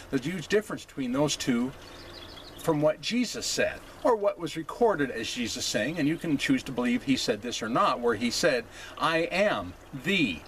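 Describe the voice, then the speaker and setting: A man hosting a casual opinion monologue. He talks haltingly, with many fillers, and keeps checking in with "okay?". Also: medium pitch, a little hiss or hum. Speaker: host.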